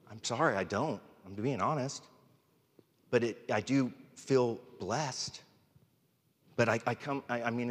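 Guy preaching casual in church, honest, jokes on himself, echo hangs in the big room. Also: medium pitch. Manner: candid, informal, self-deprecating. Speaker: pastor. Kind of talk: conversational sermon. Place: church sanctuary.

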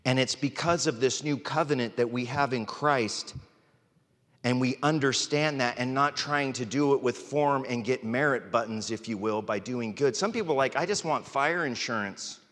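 An earnest, emotional man preaches, his voice holding a middle pitch. He sounds close to tears at times, and a long hall reverb trails behind his words. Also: moderate pace, fairly bright tone. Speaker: pastor. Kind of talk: sermon.

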